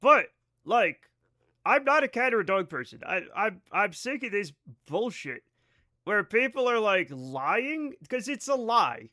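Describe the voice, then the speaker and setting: A man's voice: high voice, sing-song, unhurried, bright, forceful tone. A man streaming a space game live, chatting casually with his viewers in a rambling way and swearing freely. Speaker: livestreamer. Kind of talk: casual live-stream chat over gameplay.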